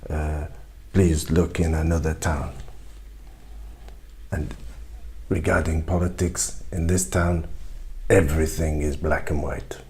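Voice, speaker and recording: A man voicing an apologetic male French shopkeeper who speaks in a hushed way. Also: a bass voice, flat delivery, slow, long pauses, voice pushed down, heavily acted.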